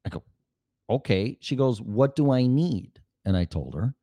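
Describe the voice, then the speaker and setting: A man's voice: mid-range voice, animated, unhurried, warm tone, no room sound. A middle-aged man hosting his own podcast alone, talking in a rambling, casual and profane way. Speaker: podcast host. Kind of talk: solo podcast monologue. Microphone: studio mic with mixer.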